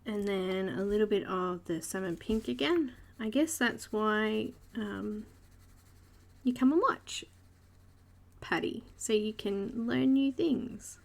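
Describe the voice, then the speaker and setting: A woman's voice: mid-range voice, slow pace, vocal fry. A woman with an Australian accent hosting a live coloring stream, chatting casually while she explains each step and greets viewers by name. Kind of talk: live art tutorial narration.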